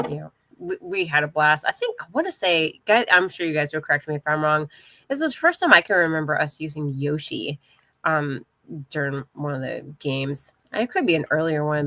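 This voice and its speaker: A low-pitched woman chats on a casual podcast, talkative and quick to get excited. Her voice is dry and close, with no room echo. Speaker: podcast co-host. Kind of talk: casual chat.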